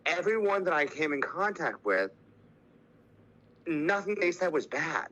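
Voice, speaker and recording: A man's voice: on the high side, big pitch swings, unhurried, bright, forceful tone, lo-fi sound. A man, a podcast guest, telling a candid personal story with emotion, swearing and acting out what others said.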